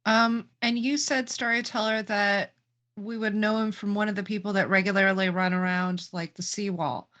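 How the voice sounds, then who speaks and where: A woman's voice: medium pitch, steady tone, normal speed, a bit bright, lo-fi sound. A woman playing a tabletop role-playing game, reasoning aloud and asking the storyteller about details. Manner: reasoning aloud, thoughtful questions. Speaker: player. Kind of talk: casual tabletop play.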